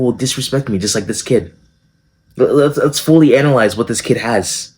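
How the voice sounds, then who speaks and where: A man's voice: medium pitch, moderate pace, breathy edge. A young man hosting a casual social skills video. He tells the story in a joking, profane way, with plenty of slang and self-corrections.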